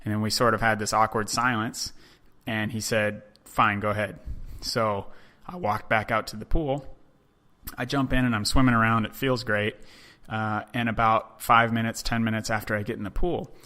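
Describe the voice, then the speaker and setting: Bright-toned man telling a casual story. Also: lowish voice, normal speed. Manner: relaxed, chatty, frequent "um" and "you know". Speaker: podcast host.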